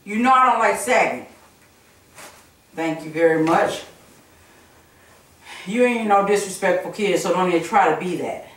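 A woman's voice: lowish voice, moderate pace, pauses often, slight background noise. Woman, stern mother, preachy and repetitive, echoey room, distant mic. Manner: firm, preachy, repeats phrases. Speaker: mother scolding her son. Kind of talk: prank skit, casual scolding.

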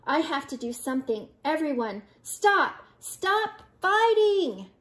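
A grandma voicing a plucky little prairie dog. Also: female voice, expressive, a little slow, darkish tone. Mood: pleading. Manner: high, urgent calls to the others.

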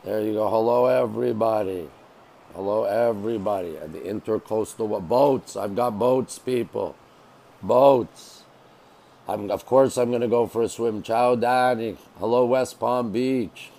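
Low-voiced chatty man on a phone livestream. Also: moderate pace, vocal fry, mellow, poor audio. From Montreal, Canada. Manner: chatty, repeats phrases, greets viewers by name. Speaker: livestream host. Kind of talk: casual live-stream chat greeting viewers. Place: hotel balcony by the beach, outdoors.

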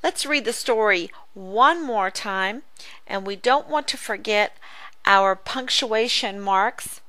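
A woman tutor giving a phonics lesson, speaking slowly and over-enunciating each sound for young readers. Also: mid-range voice, sharp tone, no room sound. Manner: slow, careful, over-enunciated teaching. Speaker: reading tutor.

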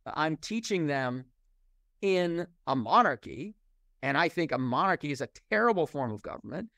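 A man's voice: a little high, lively intonation, moderate pace, creaky, sharp tone, dry recording, studio quality. A middle-aged man from the United States, a professor answering interview questions in a discursive, candid way and often restarting his sentences.

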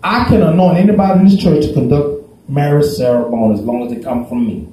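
A pastor preaching a folksy, story-driven sermon that swells into shouts. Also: male voice, on the high side, fast talker. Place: church sanctuary. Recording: echoey church room.

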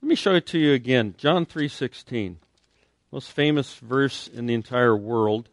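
A man delivers a sermon in a relaxed, conversational way, often pausing on fillers. His voice sits at an ordinary pitch. The recording is dry, with little room sound. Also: no room sound. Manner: conversational preaching with fillers and acted quotes. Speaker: pastor. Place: church sanctuary.

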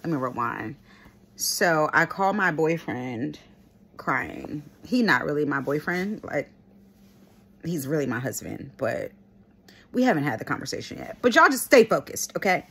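A woman with a somewhat low voice chats through a casual storytime vlog. She rambles happily, full of fillers and quick laughs, and her tone swings as she goes. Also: very animated, a bit bright, a little hiss or hum. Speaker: vlogger.

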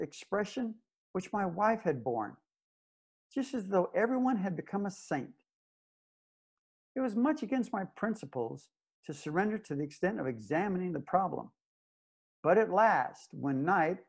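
A man's voice: high-pitched, a little mellow, breathy edge, heavily acted. An actor playing a stubborn old space ranger who narrates his own story in an audio drama, blunt and plainspoken. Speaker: narrator and lead character.

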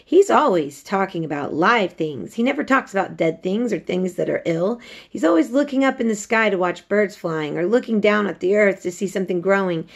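A woman's voice: medium pitch, expressive, moderate pace, vocal fry. A woman reading aloud, voicing a blunt, stubborn young girl who speaks obstinately. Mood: eager. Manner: obstinate, unsympathetic.

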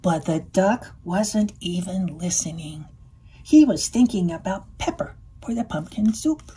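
A woman reading a children's picture book aloud, switching into animated character voices. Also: lowish voice, a little slow, slightly rough. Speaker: storybook reader. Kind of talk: read-aloud storytelling.

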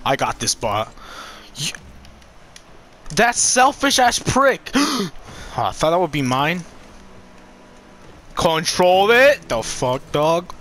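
A man commenting on his own gameplay, swearing a lot and swinging between loud outbursts and low muttering. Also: sing-song, slow pace, pauses often, slight background noise. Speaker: gamer.

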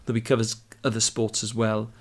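A man with a Welsh Carmarthen accent, co-hosting a comic podcast over a video call, enthusiastic and quick to laugh. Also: lowish voice, completely flat delivery. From Wales. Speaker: co-host.

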